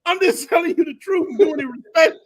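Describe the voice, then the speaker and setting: A man's voice: extremely high pitch, a little fast. A man, telling slangy stories in a laughing, casual barbershop chat. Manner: loud laughing storyteller, slangy. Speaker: podcast host.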